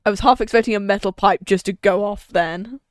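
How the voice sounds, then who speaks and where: A woman's voice: mid-range voice, a little fast, dry recording. A woman streamer giving casual commentary on a game she plays, chatty and reading the lines aloud. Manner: chatty, laughs and does character voices.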